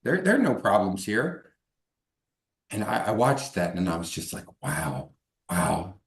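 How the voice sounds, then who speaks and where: A man's voice: on the low side, sing-song, normal speed. A middle-aged man telling his own life story as an interview guest, rambling with many restarts and fillers. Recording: echoey room.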